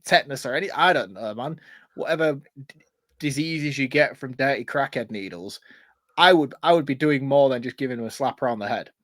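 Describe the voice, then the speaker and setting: A blunt, expressive man with a mid-range voice, swearing freely as he reviews a film in casual chat. He sounds close and dry, with no room echo. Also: medium pitch. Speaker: podcast co-host.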